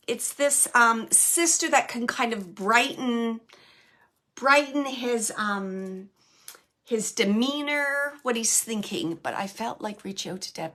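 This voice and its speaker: Bright, halting woman medium. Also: on the high side. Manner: halting, searching delivery with many restarts. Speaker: medium, show host. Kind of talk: live mediumship reading.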